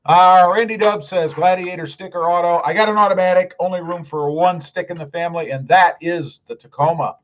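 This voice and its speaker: A man's voice: high-pitched, a little fast, hardly any pauses, highs cut off. A middle-aged man hosting a casual live stream, reading viewer comments aloud in a friendly, upbeat way.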